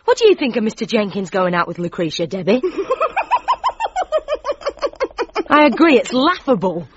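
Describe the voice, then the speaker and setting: A woman's voice: mid-range voice, sing-song, quick pace, heavy background noise, lightly acted. A woman voicing a bratty, mocking teenage girl, in a sarcastic way. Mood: scornful. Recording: dull lo-fi sound.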